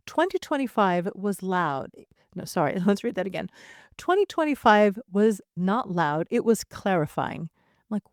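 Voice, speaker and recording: Smooth-voiced woman podcast host. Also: medium pitch, darkish tone, no room sound, studio quality. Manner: conversational, emphatic, laughs now and then. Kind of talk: solo podcast talk.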